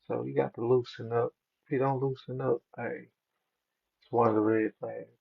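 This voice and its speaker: A man's voice: mid-range voice, flat delivery, moderate pace, creaky, breathy edge. A man hosting the show who breaks into the story to give laid-back advice. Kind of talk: casual commentary. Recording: tinny phone-like sound.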